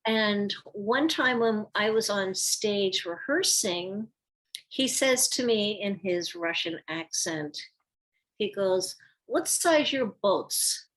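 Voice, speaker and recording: A woman's voice: medium pitch, takes it slowly. An older woman, a former ballet dancer, telling stories from her career in a casual interview, acting out the lines of people she quotes. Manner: animated storyteller, acts out quoted lines.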